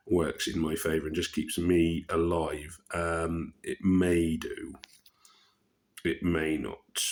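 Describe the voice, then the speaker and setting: A man giving casual commentary over his own puzzle game, relaxed and muttering to himself with frequent pauses and fillers. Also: low-pitched. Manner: relaxed, muttering asides with many ums. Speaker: gaming channel host.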